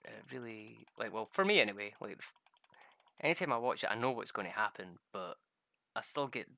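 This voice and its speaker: A man's voice: on the low side, animated, brisk, gravelly, sharp tone. A young man rambling through a casual gameplay chat, swearing freely and laughing at his own stories. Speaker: gaming streamer.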